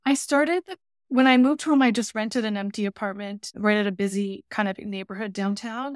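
Woman, interview guest; animated storyteller, dry close sound. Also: medium pitch, clear, resonant tone, no room sound. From Canada. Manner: lively anecdotal storytelling with voiced asides. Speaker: podcast guest, baker and cooking teacher.

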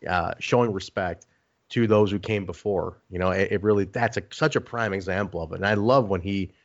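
A man chatting casually on a podcast, telling animated stories full of restarts. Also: a little fast. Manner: animated storyteller who jumps into high mocking impressions. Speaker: podcast guest. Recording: dull lo-fi sound.

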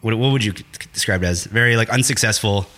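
A man's voice: lowish voice, fast talker, pushed and bright. A man hosting a podcast, telling a joking story in casual chat. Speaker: podcast host.

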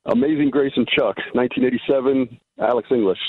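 A man calling in to a radio show, upbeat and energetic. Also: mid-range voice, a little fast, breathy edge, no echo. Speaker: caller. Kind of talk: radio call-in. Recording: tinny phone line.

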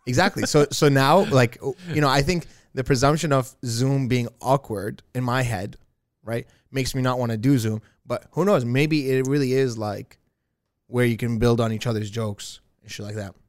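Relaxed male podcast co-host, casual and a bit profane, mid pitch, dry studio sound. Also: normal speed, dry recording. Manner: easygoing, laughs often, swears casually. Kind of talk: casual chat.

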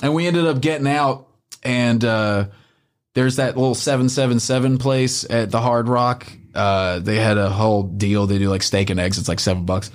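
Animated, swearing man telling a story. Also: normal speed. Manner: animated, swearing, acts out quotes in a high voice. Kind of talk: casual podcast storytelling.

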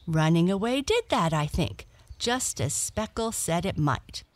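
A woman's voice: fairly low pitch, no room sound. A woman voicing a young female black cat who is eager, chatty and adventurous in a storybook reading.

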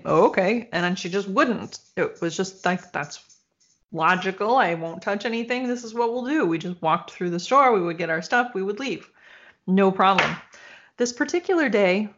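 A woman co-hosting a casual chat, telling a story in an animated way, swearing freely and acting out quoted voices. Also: mid-range voice. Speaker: podcast co-host. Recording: dull, slightly lo-fi sound.

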